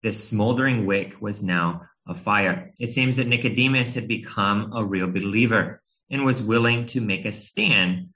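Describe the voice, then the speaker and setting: A man in his thirties preaching a sermon, telling a family story in an earnest, gentle way with a few hesitations. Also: fairly low pitch, a little slow, hardly any pauses, low-quality recording.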